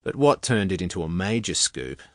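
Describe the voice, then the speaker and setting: A man's voice: low-pitched, sing-song, moderate pace, no room sound. A man narrating a novel in the first person, with a wry, conversational storytelling manner, close on the mic. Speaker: audiobook narrator.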